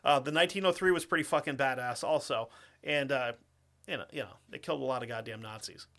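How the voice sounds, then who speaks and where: Bright-voiced profane ranting man. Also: medium pitch. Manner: profane, rants fast and laughs a lot. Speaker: podcast co-host. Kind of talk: casual podcast chat and story reading.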